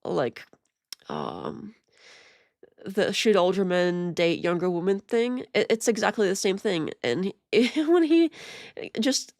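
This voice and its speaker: A woman's voice: mid-range voice, darkish tone, no echo, clean studio sound. A woman streamer giving casual, rambling commentary while reacting to a video, exasperated and prone to restarts.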